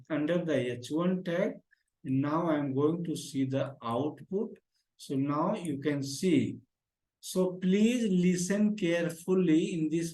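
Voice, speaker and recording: A man's voice: on the high side, a little mellow, reverberant, low-quality recording. A man teaching a beginner HTML lesson, repeating phrases and calling the class "guy". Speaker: programming teacher. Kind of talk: screen-share coding lesson.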